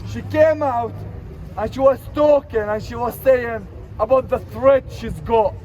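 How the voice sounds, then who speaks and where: A man giving an emotional protest speech outdoors in a city street, his voice rising to shouts. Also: very high voice, measured pace, muffled recording. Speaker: protest speaker. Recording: outdoor crowd noise. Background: crowd of protesters.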